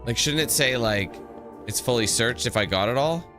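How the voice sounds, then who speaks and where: A man's voice: medium pitch, animated, normal speed, music in the background. A man giving casual let's-play commentary, goofy, rambling and profane. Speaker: gaming commentator.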